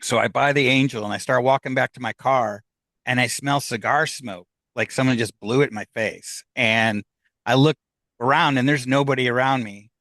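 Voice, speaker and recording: A man's voice: mid-range voice, moderate pace, fairly bright tone, no room sound. A middle-aged man recounts a personal story as a podcast guest. His voice sits in a plain middle range. He talks in a candid, rambling way with plenty of fillers, and the recording is close and dry.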